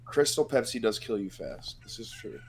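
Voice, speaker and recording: A man's voice: medium pitch, huge pitch swings, moderate pace, a crowd in the background. A young man riffing in casual banter over gameplay, rambling and laughing often. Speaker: let's play commentator. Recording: game music underneath.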